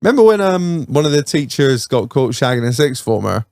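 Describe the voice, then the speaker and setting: A man's voice: mid-range voice, sing-song, brisk, darkish tone, no echo, clean studio sound. A man co-hosting a podcast, telling school stories in a sweary, laughing, casual chat. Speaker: podcast co-host.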